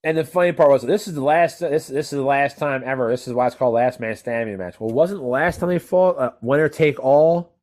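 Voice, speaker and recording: A man co-hosting a wrestling podcast, chatting casually in an animated, rambling way with frequent swearing. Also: mid-range voice, a little fast, few pauses. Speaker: podcast co-host. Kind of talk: casual chat.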